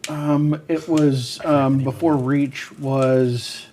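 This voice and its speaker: A man's voice: medium pitch, flat delivery, drawn-out words, dark tone, slight background noise. A man telling a gaming story in a casual chat, with lots of ums and restarts.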